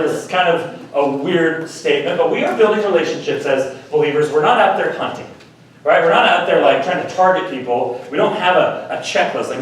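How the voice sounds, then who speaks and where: A man gives a chatty youth talk in a church meeting, slipping into playful voices to act out what people say. His voice sits a bit high and reaches the mic from a distance. A strong echo fills the room over faint background noise.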